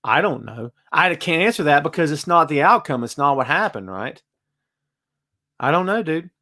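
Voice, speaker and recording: A man hosts a casual live-stream chat and reads viewer comments aloud. His voice swings widely in pitch and loudness, and he hits his points hard in a conversational way. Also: very animated, moderate pace. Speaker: host.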